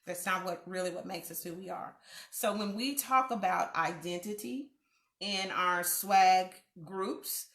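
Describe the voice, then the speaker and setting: A middle-aged woman hosting a mentoring livestream from home, telling stories and acting out quoted voices with laughs. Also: on the low side. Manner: animated storyteller, acts out quoted voices with laughs. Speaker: host of a youth mentoring livestream. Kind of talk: casual livestream talk. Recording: echoey home room.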